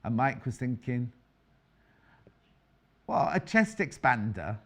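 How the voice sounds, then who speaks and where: A woman's voice: a bass voice, very animated, takes it slowly. A middle-aged woman presenting a live TV sewing demonstration as a quilting expert, chatty and bantering with crew and viewers.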